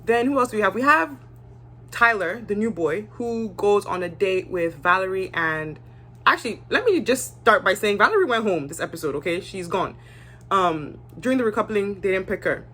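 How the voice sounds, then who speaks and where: A woman's voice: mid-range voice, fairly bright tone, breathy edge. Young woman, casual and blunt, talks straight to camera with her own opinions. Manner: chatty, candid, acts out cast members' lines. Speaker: reality show reviewer.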